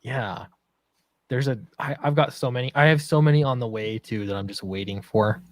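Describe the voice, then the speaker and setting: Man, comic creator, mid pitch, dry close sound, hesitant casual chatter. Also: moderate pace, dry recording. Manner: hesitant, many fillers and restarts. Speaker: comic creator, stream host. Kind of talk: casual chat.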